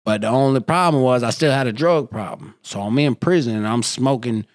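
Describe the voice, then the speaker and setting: Relaxed man with slangy talk, dry sound. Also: mid-range voice, a little fast, no room sound. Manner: laid-back, slangy, laughs often. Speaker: guest, former prisoner turned entrepreneur. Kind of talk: casual interview chat.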